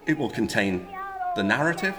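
A man's voice: mid-range voice, very animated, normal speed, very noisy. A man explaining music history as an interview guest, with patient, lecturing explanations.

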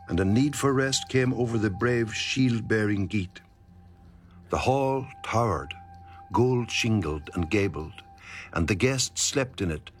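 A man narrating epic verse in a steady, measured scripted reading. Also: on the low side.

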